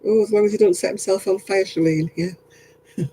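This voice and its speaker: A man's voice: high voice, steady tone, normal speed, warm tone, slight background noise, rough recording. A tired man, chatting casually with livestream viewers as he crafts, rambling and often laughing. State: tired, yawning.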